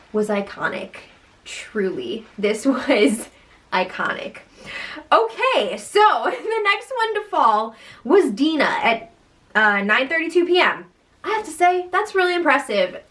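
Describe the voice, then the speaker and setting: Giggly chatty woman, slightly high voice. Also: a bit bright. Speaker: podcast co-host. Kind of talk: casual recap chat.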